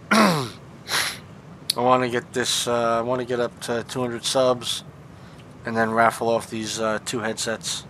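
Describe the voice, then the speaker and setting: A man with a bright, edgy voice chats loosely through a game stream from his home, cursing without a second thought. A faint hiss of noise sits under his voice. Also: mid-range voice, steady tone, measured pace, long pauses. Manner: laid-back, swears freely. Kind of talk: casual live-stream chat.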